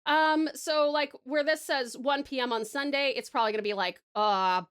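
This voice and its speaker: An Australian woman who streams and does voice acting chats casually with viewers, reading their messages aloud. Her high, slightly bright voice moves at normal speed, and she laughs often and trails off mid-thought.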